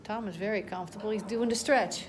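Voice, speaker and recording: A woman's voice: medium pitch, fast. A woman in casual chat, giving a dog short commands and cooing sweet baby talk at it. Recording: noisy room recording.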